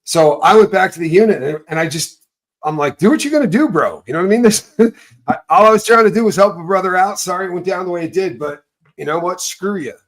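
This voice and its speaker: A man, host of an online call, telling a story in rambling casual chat that swings between loud bursts and low mutters. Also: fast. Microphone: video call.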